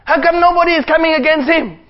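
A fearless young shepherd boy demands to know why no one will stand up to the giant, as a preacher voices him. His voice is high and pushed up with indignation, heard through a dull, lo-fi recording. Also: fast. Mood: indignant. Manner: bold, indignant questioning.

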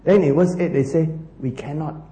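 A man preaching a sermon as pastor, telling a Bible story in an animated way with laughs and playful asides. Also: fairly high pitch, moderate pace, reverberant.

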